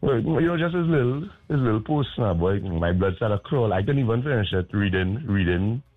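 Guy on the radio, lowish voice, keeps going boy, boy. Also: lively intonation, moderate pace, narrow, tinny audio, faint music behind. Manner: loose, repeats "boy" as a filler. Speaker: caller. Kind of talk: call-in radio chat.

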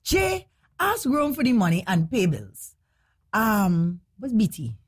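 A woman's voice: mid-range voice, wildly swooping pitch, slow, breathy edge. A woman with a Trinidadian accent hosting a casual live stream, chatting playfully with viewers in dialect.

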